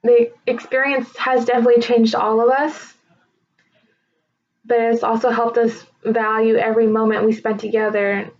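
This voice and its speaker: A woman's voice: fairly high pitch, a little mellow. Emotional young woman giving a tribute. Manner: emotional, halting, holding back tears. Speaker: speaker honoring her sister. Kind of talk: recorded personal tribute speech. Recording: slightly dull lo-fi recording.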